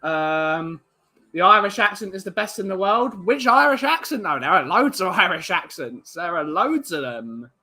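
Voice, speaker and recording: Rambling English male host reading out chat, bright slightly high voice. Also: big pitch swings, normal speed. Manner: chatty, rambling, greets chatters by name. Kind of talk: casual live-stream chat.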